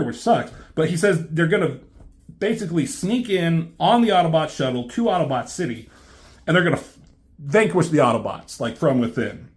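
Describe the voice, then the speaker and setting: A man reviewing a comic in a casual, rambling way, swearing often and filling pauses with ums. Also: fairly high pitch. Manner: rambling, swears a lot, many fillers. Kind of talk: casual chat.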